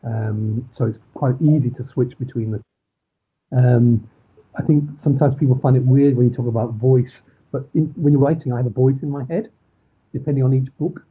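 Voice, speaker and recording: Middle-aged Manchester man, interview guest, husky and rambling, tinny video-call line. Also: mid-range voice, moderate pace. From Manchester, England. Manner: rambling, many ums and restarts. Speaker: crime novelist guest. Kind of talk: casual interview chat.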